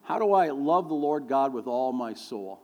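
A warm, animated mid-range male voice belongs to a middle-aged pastor speaking at normal speed. His sermon is a string of folksy stories with many fillers, in which he acts out quoted people's voices, and the hall adds long reverb.

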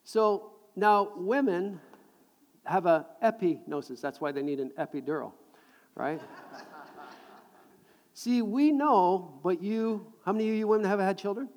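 Animated male preacher in a reverberant hall. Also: sits high, a little slow, pauses often. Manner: animated, jokey, repeats words when building a point. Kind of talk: sermon. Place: large hall with audience.

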